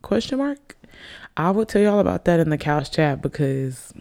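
A slightly tipsy young woman from Alabama hosts a casual solo podcast, rambling chattily to her listeners into a desk microphone on camera. Her voice is deep, creaky and a little mellow, and she talks a little fast.

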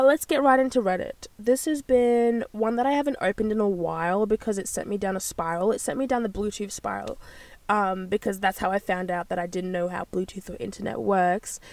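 A woman's voice: medium pitch, vocal fry, no room sound. A young woman, hosting a casual solo podcast in a bubbly, rambling way. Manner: bubbly and rambling, with frequent gasps and laughs. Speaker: podcast host.

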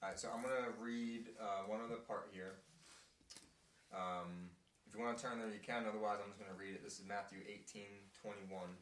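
A man leading a casual group Bible discussion. He reads scripture and acts out quotes in playful, animated voices. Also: on the low side, brisk, slight background noise. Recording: echoey room, mic at a distance.

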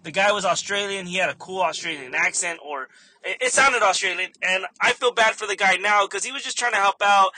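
A man's voice: sits high, brisk, sharp tone, slight background noise. A young man, a store manager, animatedly telling a story in a casual vlog, swearing freely and laughing often.

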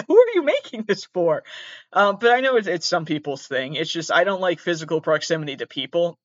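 A young man rambles through his podcast monologue, joking at his own expense. His pitch bounces around constantly and sits a bit high for a man. The recording is dry and muffled, like a laptop mic in a small space. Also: a bit bright, dry recording. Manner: self-mocking, jokey, rambling. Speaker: podcast host.

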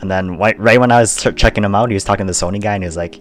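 A man's voice: on the low side, racing, a bit bright. A young man co-hosting a podcast in casual chat, laid-back and laughing often as he rambles through a story. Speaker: podcast co-host.

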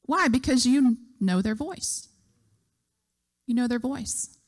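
A woman's voice: fairly high pitch, animated, slow pace. A middle-aged woman preaching a sermon, telling a story and acting out the voices she quotes.

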